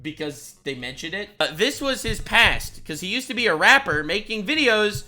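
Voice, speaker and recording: A man giving sarcastic commentary on political clips, ranting and bursting into loud mocking outbursts. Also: high-pitched, big pitch swings, moderate pace, faint music behind.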